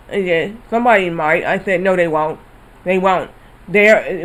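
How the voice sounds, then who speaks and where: A man's voice: high-pitched, measured pace, poor audio. A man streaming a video game, telling a rambling story with casual swearing. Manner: rambling, animated retelling with swearing. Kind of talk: casual storytelling while gaming.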